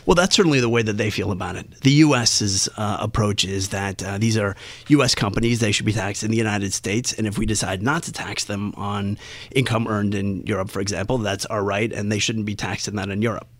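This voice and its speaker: A man's voice: lowish voice, brisk, no echo. A man answering as a tax analyst guest in an interview, explaining at length with many fillers and restarts.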